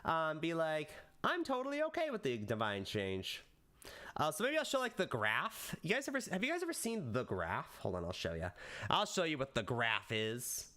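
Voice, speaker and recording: A man on a casual live stream with a very animated, wide-ranging voice. He chats loosely with his viewers and tries out lines for a video in bursts of high excitement. Between those bursts he drops into quiet, low muttering. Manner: rehearses video lines aloud. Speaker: VTuber streamer.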